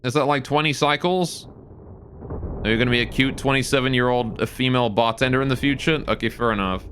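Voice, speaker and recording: A man's voice: medium pitch, brisk, fairly bright tone, a little hiss or hum. A man live-streaming a game, thinking aloud about his build and answering his chat.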